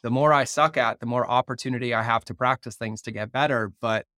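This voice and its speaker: A man's voice: mid-range voice, fairly even intonation, brisk, pushed and bright, no echo, clean studio sound. Earnest man in his thirties hosting. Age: 30s. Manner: earnest, reflective. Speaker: podcast host. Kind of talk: conversational podcast interview.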